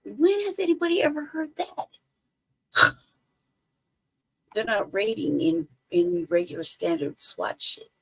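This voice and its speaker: A woman's voice: medium pitch, a little slow, vocal fry, long pauses, heavy background noise. A woman hosting a livestream, giving profane, sarcastic casual commentary full of laughter and rhetorical questions. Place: home livestream.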